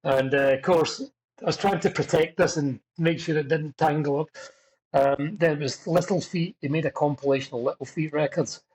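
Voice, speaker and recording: A middle-aged Scottish drummer, chatting as a guest in a casual interview, rambling through stories with self-deprecating humor. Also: male voice, fairly high pitch, fairly even intonation, normal speed, a little mellow, breathy edge, poor audio. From Scotland.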